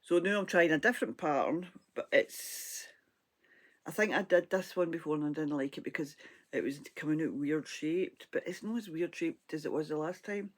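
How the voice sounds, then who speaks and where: A woman with a Scottish accent, her throat hoarse and froggy, chatting casually and rambling about her crochet, with frequent laughs. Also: deep voice, normal speed. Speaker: crochet vlogger. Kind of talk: casual crafting chat.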